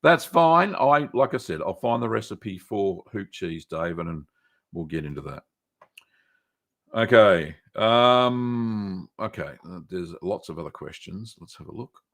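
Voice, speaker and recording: A man's voice: fairly low pitch, animated, a little slow, a bit bright. A man hosting a casual live stream, answering viewer questions with many ums and restarts. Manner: rambling, many ums and restarts, reads chat aloud.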